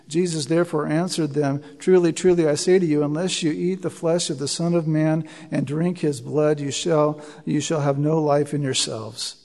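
A man with a high voice preaches a sermon in an earnest tone, reading long scripture passages and stopping to explain them. He often repeats words as he restarts a phrase. The sound carries a long reverb, as in a large hall. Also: fairly even intonation, normal speed, hardly any pauses, mellow.

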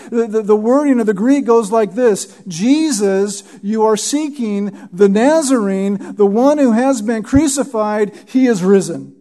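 Here a pastor's warm voice sits high as he delivers an expository sermon, teaching one verse at a time. He frequently stops with a "Right?" and repeats words to drive points home.

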